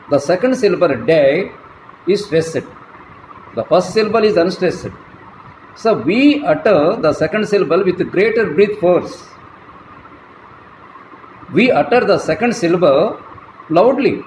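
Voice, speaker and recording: A man giving a slow, deliberate classroom lecture as a college lecturer, spelling words out letter by letter. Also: high-pitched, animated, darkish tone. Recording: echoey room, faint traffic noise.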